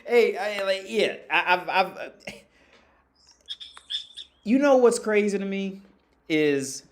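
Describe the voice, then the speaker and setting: Guy hosting a call-in stream, kinda high voice, rambles and restarts a lot, swears a bunch. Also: slow pace, a little hiss or hum. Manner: rambling, with frequent restarts and slang; swears freely and excitably. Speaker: call-in show host. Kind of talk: casual chat on a livestream call-in show.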